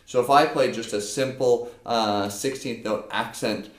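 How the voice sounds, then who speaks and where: A man's voice: mid-range voice, a little slow. A man giving an unscripted percussion lesson, explaining step by step with frequent fillers. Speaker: percussion teacher. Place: practice room with a drum. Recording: echoey room.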